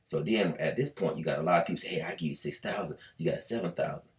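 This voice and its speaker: A man and trader with a very low voice explains trading in a loose, colloquial way, with mild swearing, often acting out buyers and sellers in quick quoted asides. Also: expressive. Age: adult with a school-age daughter. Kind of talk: casual explainer video.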